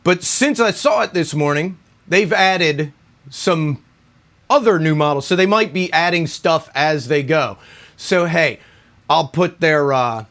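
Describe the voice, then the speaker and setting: A man's voice: fairly high pitch, a little slow, a bit bright. Winded middle-aged man, chatty guitar vlog. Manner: rambling, chatty, lots of "right?". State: out of breath after a run. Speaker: guitar review YouTuber. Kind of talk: casual vlog chat.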